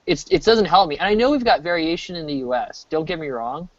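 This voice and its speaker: A man's voice: on the high side, fast talker, dry recording. Rambling American man on a dull mic. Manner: rambling, restarts often, animated. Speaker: streamer. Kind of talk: casual chat. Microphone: desk mic.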